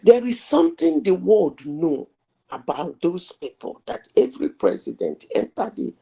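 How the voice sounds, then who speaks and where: A middle-aged woman hosts a live talk show. Her voice is low, dark and gravelly, with a husky edge. She speaks slowly and pushes her point with rhetorical questions. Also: wildly swooping pitch, poor audio. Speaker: host.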